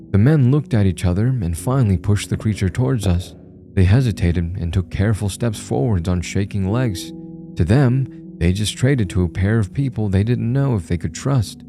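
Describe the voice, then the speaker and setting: A man narrating a scripted horror story in a calm, measured way. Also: lowish voice. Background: soft music.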